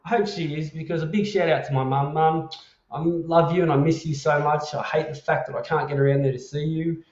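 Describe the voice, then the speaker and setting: A man's voice: a little high, steady tone, a little fast, a little mellow. Rambling Australian man in an echoey room. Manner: rambling, affectionate, repeats himself. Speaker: host of an online community live chat. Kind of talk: casual live-stream shout-outs. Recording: roomy and dull lo-fi sound.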